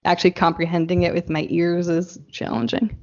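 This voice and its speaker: A woman's voice: on the low side, fairly quick, vocal fry, a little mellow. A woman co-hosting a podcast, chatting in a playful, jokey way. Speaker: podcast co-host. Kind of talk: casual chat. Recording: dull lo-fi sound.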